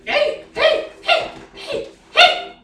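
A man voicing a brash, cocky male goblin adventurer in a loud, squeaky, pushy way, heard from a distant mic in a roomy space. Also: flat delivery, quick pace, background noise.

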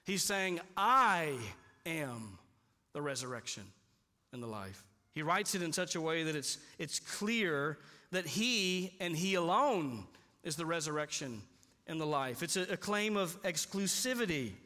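A man preaching a sermon in a church, emphatic and slowing down on key points. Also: high-pitched, animated, sharp tone. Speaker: pastor. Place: church sanctuary. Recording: long hall reverb.

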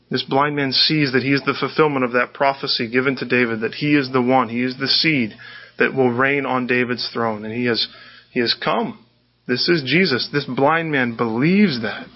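A man preaching a sermon, conversational and animated, often repeating his words as he goes. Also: fairly high pitch, highs cut off. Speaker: pastor.

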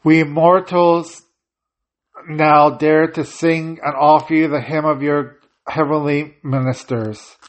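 A man's voice: a little high, steady tone, slow. A man leading a prayer service, chanting and intoning the prayers, with short plain-spoken asides between them. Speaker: prayer leader. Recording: slightly dull lo-fi audio.

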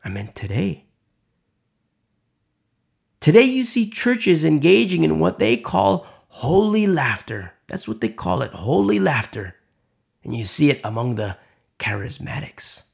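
Gravelly man preaching with whispered asides. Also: fairly high pitch, big pitch swings, unhurried, long pauses. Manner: swings from loud emphatic lines to hushed whispers. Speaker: pastor. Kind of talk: sermon.

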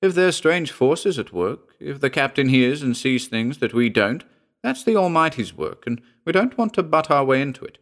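A man voicing a fussy, indignant middle-aged housekeeper with a sharp, scolding way of talking. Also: medium pitch, very animated, normal speed, pitched above the performer's own voice.

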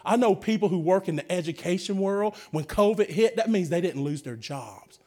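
High-voiced preacher. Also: male voice, normal speed. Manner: energetic preaching with sudden shouts and hushed drops, calls to the congregation. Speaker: pastor. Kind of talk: sermon.

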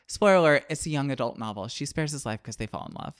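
Animated, sarcastic man reviewing a book. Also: medium pitch, fast talker, few pauses, no echo, clean studio sound. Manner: animated, sarcastic, swings between loud and muttered asides. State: wired on caffeine. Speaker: podcast co-host. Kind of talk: casual book review chat.

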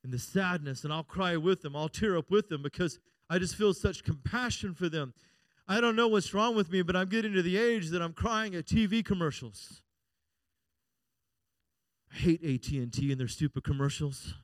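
High-voiced preacher man, dry and close. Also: moderate pace, dry recording. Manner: preaching with call-and-response "Amen?" and swings between loud and quiet. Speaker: pastor. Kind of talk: sermon.

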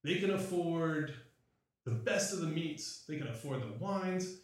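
A man's voice: a little high, animated, a little slow, voice pushed up. Guy doing a shady informant, evasive and whiny, kinda distant in a super echoey room. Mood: wheedling. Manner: wheedling and evasive, complains about the rich. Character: shady male informant Egan, wheedling, grumbling.

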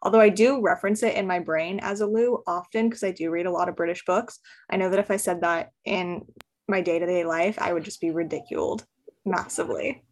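A woman's voice: on the low side, fairly quick. A woman recapping a romance novel in casual podcast chat, chatty and full of "like" fillers, laughing often. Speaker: podcast guest.

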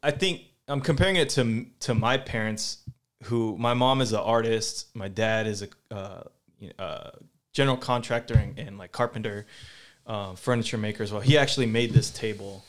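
A man hosting a casual chat, jokey and playful, asking questions in a relaxed way. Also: lowish voice, normal speed. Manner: jokey, playful, puts on silly voices. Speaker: host, interviewer.

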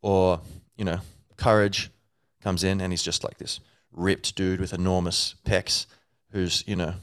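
A man's voice: low voice, level tone, unhurried, fairly bright tone, smooth, no room sound, studio quality. A man hosting a podcast, thinking aloud in a rambling, playful way with many fillers. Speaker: podcast host. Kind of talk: casual solo talk.

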